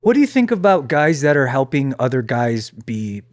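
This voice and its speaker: Playful male host, lively voice. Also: mid-range voice, normal speed, no echo. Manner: leading, playful questions. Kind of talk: casual comedic interview.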